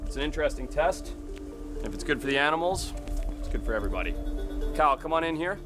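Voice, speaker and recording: A man presenting wildlife on location, excitable and exclamatory, cooing at the animals he is showing. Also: on the high side, quick pace, over music.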